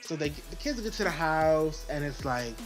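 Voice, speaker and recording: A woman giving a casual, profane, exasperated review of an animated show, ranting with lots of emphasis. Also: deep voice, normal speed, faint music behind.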